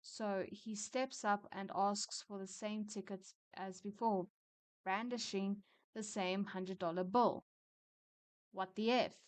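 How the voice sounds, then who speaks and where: A woman's voice: medium pitch, level tone, clean tone, no room sound. A woman casually reading out customer stories and commenting on them in a chatty, opinionated way. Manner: opinionated, chatty, quick to rant. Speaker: storyteller reading retail stories.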